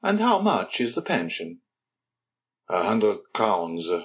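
A man's voice: lowish voice, wildly swooping pitch, slow pace, fairly bright tone, exaggerated voice. A man reading an audiobook, voicing a suave count who questions and tempts a clerk with pointed questions. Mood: curious.

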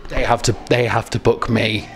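A man, a comedian guest, bantering in a deadpan, mock-indignant way. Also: on the low side, moderate pace, faint music behind.

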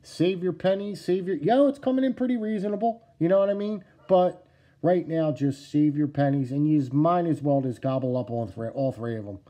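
Excitable New Jersey man, dark voice. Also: on the high side, normal speed. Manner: excitable, repeats himself, addresses viewers as "guys" and "yous". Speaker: knife collecting vlogger. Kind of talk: casual chat to camera. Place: at home indoors.

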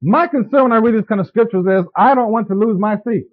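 A man's voice: high-pitched, fast. A man preaching a sermon, talking to his congregation in a conversational way with frequent asides and questions. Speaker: pastor. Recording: dull lo-fi tape recording.

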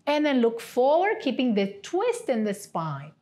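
Higher-voiced woman guiding yoga. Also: huge pitch swings, unhurried. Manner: gentle, coaching cues with frequent "right?". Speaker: yoga therapy instructor. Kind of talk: guided seated yoga class.

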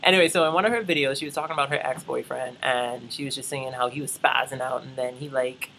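In a low-quality clip with slight background noise, a young Bahamian vlogger spins a rambling travel tale and addresses viewers directly as y'all. Medium in pitch with fairly even intonation, the voice moves quickly and sounds bright and forceful, drifting into chatty asides.

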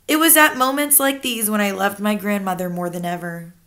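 A teacher reading a children's book aloud to her class with expressive, storyteller pacing. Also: medium pitch, fairly quick, hardly any pauses.

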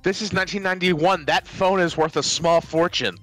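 A podcast co-host casually reviewing a movie, acting out scenes with loud, playful screams. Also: medium pitch, steady tone, moderate pace, soft background music.

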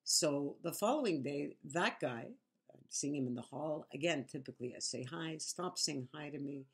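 A woman's voice: deep voice, expressive, normal speed, breathy edge. A woman vlogger telling her story in a casual monologue, frank, sarcastic and emphatic.

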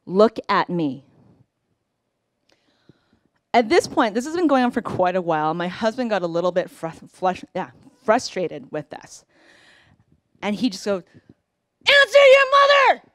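A woman in her forties telling a personal story on a live storytelling stage, conversational, with pauses and self-corrections. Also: lowish voice, animated, darkish tone, dry recording, clean studio sound.

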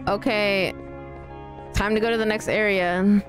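A woman's voice: medium pitch, steady tone, measured pace, faint music behind. A woman live-streaming a horror game, chatting playfully with her viewers as she plays. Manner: chatty, playful, talks to chat. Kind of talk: live gameplay commentary.

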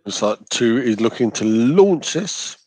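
A man's voice: medium pitch, expressive, measured pace, darkish tone, slightly rough, rough recording. A laid-back man co-hosting a live football watch-along, adding wry comments on the play. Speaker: co-host.

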